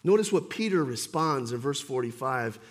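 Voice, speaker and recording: A man preaching a sermon as pastor, swinging between forceful emphasis and quiet intensity. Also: medium pitch, lively intonation, normal speed.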